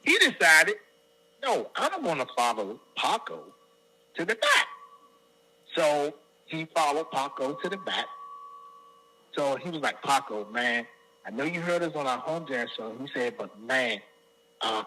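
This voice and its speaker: In a storytelling interview, a middle-aged singer from the Washington DC area, appearing as a guest, performs other people's lines with animation. He speaks in a mid-range voice, a little slowly, on a rough recording.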